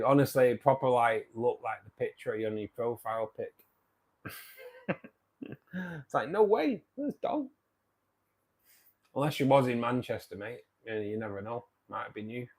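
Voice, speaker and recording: A man chats casually on a live stream, greeting each viewer warmly by name and rambling about his day. He speaks at a mid pitch, in an easy, loose way, and often lets his sentences fade away quietly. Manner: chatty, friendly greetings, trails off quietly. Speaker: livestream host. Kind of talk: casual live chat reading viewer comments.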